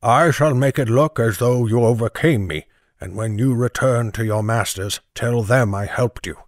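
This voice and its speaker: A man reading the part of a stern town constable in an audiobook, speaking in a grave, measured way. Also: mid-range voice, no room sound, clean studio sound, lightly acted. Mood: hushed earnest. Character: stern middle-aged male town constable.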